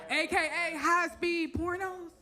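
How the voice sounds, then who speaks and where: A female stand-up comedian in an animated, teasing way, talking straight to the crowd. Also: very high voice, a little slow, heavy background noise. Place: comedy stage.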